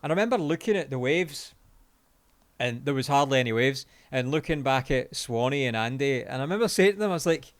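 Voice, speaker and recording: A Scottish man in his forties, a podcast co-host telling a long anecdote in casual chat, animated and sweary, laughing as he goes. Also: medium pitch, fairly quick, dry recording. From Scotland.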